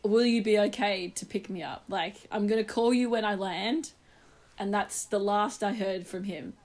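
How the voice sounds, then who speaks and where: A woman telling a story in casual chat, animated and laughing often. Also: mid-range voice, moderate pace.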